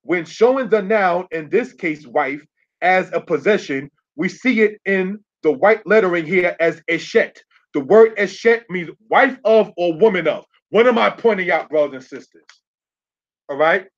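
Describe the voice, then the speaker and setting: A man preaches a teaching sermon in a somewhat high voice, repeating his key points and asking his listeners whether they follow him. The recording sounds dull and lo-fi. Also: expressive, moderate pace. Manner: repeats key phrases, checks in with the audience. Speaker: teacher of a congregation.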